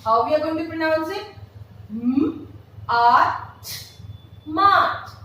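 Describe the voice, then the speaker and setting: Woman, Indian English accent, high voice, slow deliberate spelling, echoey classroom heard from afar. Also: lively intonation, sharp tone, slight background noise. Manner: slow, spelling words letter by letter, then repeating them with emphasis. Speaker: pre-primary teacher. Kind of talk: online phonics lesson at a blackboard. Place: classroom with a blackboard. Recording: echoey room, voice from a distance.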